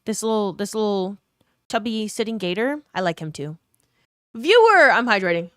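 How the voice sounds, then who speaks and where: A young woman from New Orleans in the US South, with a neutral accent, chats casually with her live stream viewers, reading their comments aloud and swearing occasionally. Her medium-pitched voice moves fairly quickly. The sound is clean and studio quality, with no room noise.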